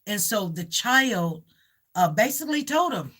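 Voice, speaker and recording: A woman's voice: medium pitch, sing-song, unhurried, fairly bright tone. A woman hosting a casual livestream chat, rambling and repeating herself as she talks and reads out viewer comments. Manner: coaxes her dog with cooing repeats. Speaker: livestream host.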